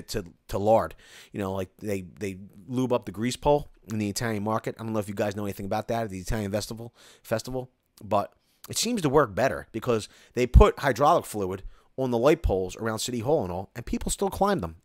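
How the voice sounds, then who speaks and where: A man's voice: lowish voice, dry recording, studio quality. A middle-aged man with a Philadelphia accent, hosting a casual live Q&A and chatting in a rambling way as he reads viewer comments. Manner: rambling, restarts often, reads comments aloud. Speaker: construction company host answering viewer questions. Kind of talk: casual live-stream Q&A chat.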